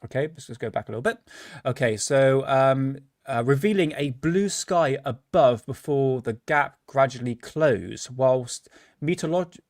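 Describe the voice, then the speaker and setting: A man's voice: mid-range voice, lively intonation, a little slow, a little mellow, no room sound, studio quality. A man co-hosting a live-stream chat, reading out a case with stumbles and chatty asides. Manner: reads stumblingly with asides and laughs. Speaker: podcast co-host.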